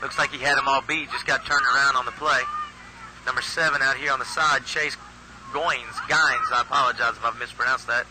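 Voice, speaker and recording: A man's voice: medium pitch, steady tone, brisk. A man doing live play-by-play commentary at a youth football game, chatty and folksy, often restarting his phrases. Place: outdoor football field. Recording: noisy outdoor field recording.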